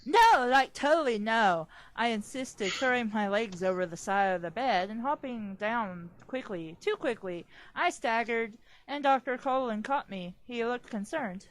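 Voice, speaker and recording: A woman's voice: fairly high pitch, expressive, measured pace, hardly any pauses. A woman reading a book aloud with friends, adding chatty, sarcastic asides. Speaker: reader. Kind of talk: casual group reading.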